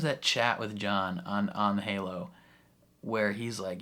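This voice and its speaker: Chatty young man, low voice. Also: steady tone, takes it slowly, bright, forceful tone. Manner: chatty, laughs often, many fillers. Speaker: reaction video host. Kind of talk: casual reaction recap.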